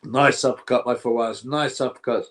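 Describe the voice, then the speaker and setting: A man hosting a live stream, chatting to viewers and reacting excitably to a fight. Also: medium pitch, normal speed. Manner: chatty, excitable, slangy, talks to chat viewers.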